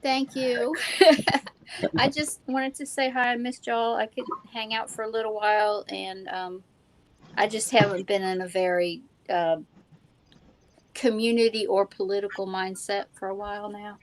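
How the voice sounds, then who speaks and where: A woman's voice: medium pitch, steady tone, poor audio. Hesitant woman chatting on a call. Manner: hesitant, halting, many fillers. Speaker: forum guest. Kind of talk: casual chat.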